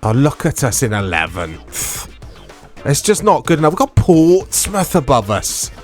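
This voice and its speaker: Man, let's play commentary, mid pitch, excitable outbursts, chatty, faint music behind. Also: measured pace. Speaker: gaming YouTuber.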